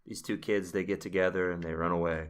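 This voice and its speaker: A man's voice: deep voice, steady tone, fast talker, clear, resonant tone. A man casually recapping a TV episode on a podcast, rambling with fillers. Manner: rambling, with frequent fillers and laughs. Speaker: podcast host.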